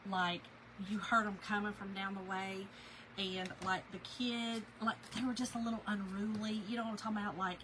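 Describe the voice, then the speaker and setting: A woman's voice: medium pitch, flat delivery, moderate pace, background noise. A woman, chatting and laughing as she tells a story to her viewers while working on a craft project. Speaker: craft video host.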